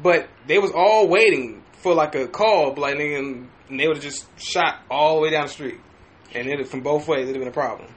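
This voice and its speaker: A man on a podcast casually telling a story, animated and profane, with frequent restarts. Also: a little high, brisk. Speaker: podcast host.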